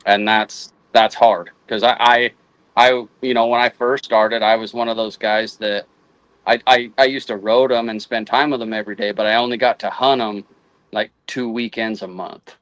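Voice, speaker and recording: A man's voice: lowish voice, fairly even intonation, fairly bright tone, no echo, low-quality recording. A man in a casual chat, often restarting and repeating words as he works out his thought. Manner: halting, repeats words while thinking. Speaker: guest houndsman.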